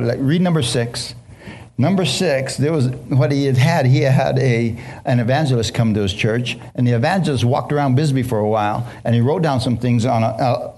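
A middle-aged man preaching a testimony to a congregation, impassioned and halting, with many restarts and questions thrown to the listeners. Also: medium pitch, darkish tone, husky. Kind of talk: emotional sermon testimony.

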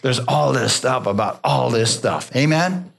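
A man's voice: unhurried, creaky. Fervent man preaching a sermon. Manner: call-and-response preaching, asking the congregation for amens; drops low and soft for God's voice, rises for emphasis. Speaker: pastor.

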